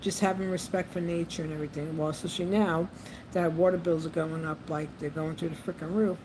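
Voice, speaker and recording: Woman vlogger, lowish voice, chatty and repetitive, noisy room tone. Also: steady tone, fast talker. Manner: chatty, repeats phrases, frequent ums. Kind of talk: casual monologue to camera. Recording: noisy background ambience.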